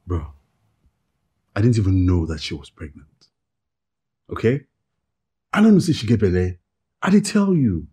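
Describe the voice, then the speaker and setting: A defensive, stammering husband with a Nigerian accent. His low, husky voice rises and falls widely as he halts over his words. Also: huge pitch swings, moderate pace, pauses often, dark tone, heavily acted. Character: remorseful, evasive husband who mistreated his wife.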